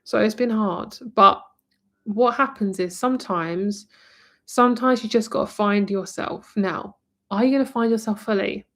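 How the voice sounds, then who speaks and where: A woman's voice: mid-range voice, measured pace. Chatty English woman reading tarot live. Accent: southern English. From England, near London. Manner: chatty and rambling, full of "like" and "um", calls the viewer "my lovely" and "girl". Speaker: tarot reader. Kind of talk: live-stream tarot reading, talking to viewers.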